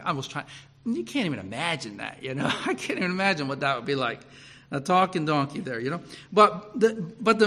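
Male preacher, storytelling sermon, high lively voice that swings up and down. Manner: animated, repeats himself and restarts, chuckles.

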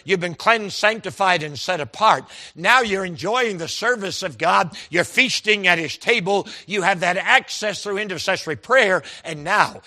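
A man's voice: sits high, pushed and bright. A man preaching a sermon, telling folksy stories with quoted dialogue and stressing key words emphatically.

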